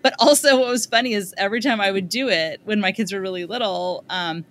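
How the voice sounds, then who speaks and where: With a medium-pitched voice and a quick pace, this parenting expert, a middle-aged woman from the United States, chats through an interview. Her storytelling is lively, and she performs the parent's and the child's quotes herself.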